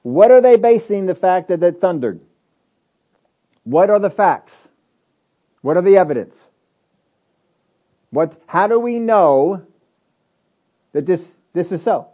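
A man's voice: sits high, animated, unhurried, pauses often, lo-fi sound. A man preaching a sermon, emphatic and repetitive, asking rhetorical questions of his listeners.

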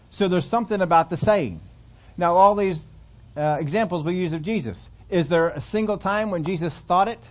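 Emphatic preacher man, dull recording. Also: a little high. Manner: emphatic preaching, repeats phrases, asks the audience questions. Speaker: pastor. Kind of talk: sermon.

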